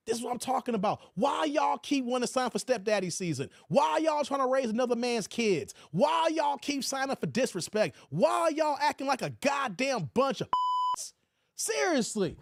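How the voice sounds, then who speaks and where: A man's voice: very high-pitched, animated, normal speed, gravelly, few pauses. A man hosting a livestream, reacting to a video and talking to his chat in slang with mocking asides.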